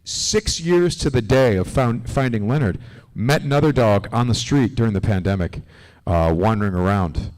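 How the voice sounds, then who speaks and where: A man as a convention panel guest, telling animated, rambling stories with lots of restarts. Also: fairly low pitch, moderate pace. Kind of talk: casual storytelling on a live panel. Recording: long hall reverb.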